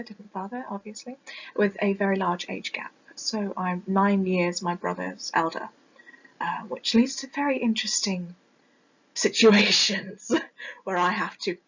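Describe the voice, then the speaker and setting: A young woman, a recent teaching graduate, giving a reflective, self-deprecating personal video monologue. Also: medium pitch. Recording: dull lo-fi mic that clips on loud moments.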